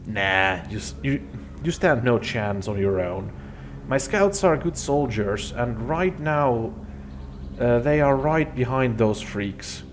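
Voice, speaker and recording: A man's voice: mid-range voice, slow, a little hiss or hum. A man reading out the lines of a weary male camp leader from a video game, in his own plain voice. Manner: flat reading of game dialogue.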